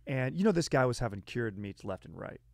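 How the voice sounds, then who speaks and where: A man's voice: medium pitch, expressive, brisk, gravelly, no echo, clean studio sound. A man hosting a podcast in casual chat, laid-back and saying "dude" a lot, while feeling sick. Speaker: podcast host.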